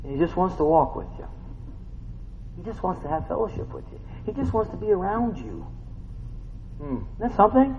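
Lively conversational preacher in a reverberant hall. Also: male voice, high voice, fairly quick, long pauses, slight background noise. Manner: conversational, storytelling, rhetorical questions. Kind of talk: sermon. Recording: muffled sound with long hall reverb.

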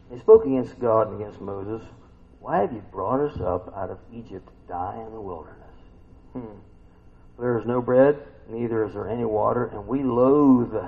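A man's voice: medium pitch, gravelly. A man preaching an informal sermon, reading scripture aloud and talking it through with his listeners, asking them questions and acting out what people say. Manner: conversational, asks the listeners questions, acts out quotes. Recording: tinny phone-like sound.

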